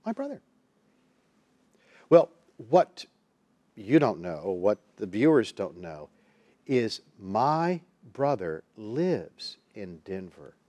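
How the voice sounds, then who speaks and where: A man's voice: lowish voice, big pitch swings, slow pace, pauses often, mellow, no echo. A man, a Christian counselor and minister, tells a personal story as a guest in a TV interview, acting out the people he quotes.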